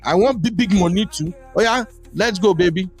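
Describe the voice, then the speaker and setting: A man with a Nigerian accent hosting a live chat show, animated and teasing, mixing Pidgin into English. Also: high-pitched, normal speed, soft background music. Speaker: host.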